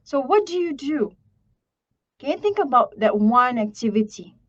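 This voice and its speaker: A woman teaching an online speaking class, repeating "okay" and modelling sample answers slowly. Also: high voice, sing-song. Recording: dull lo-fi stream audio.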